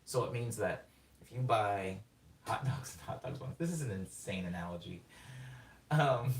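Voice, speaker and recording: A man's voice: fairly low pitch, normal speed. Rambling man live-streaming music production. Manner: rambling, excitable, self-interrupting, sings words on the beat. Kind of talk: casual live-stream explanation. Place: home studio during a live production stream. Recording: roomy room sound, mic at a distance, faint music.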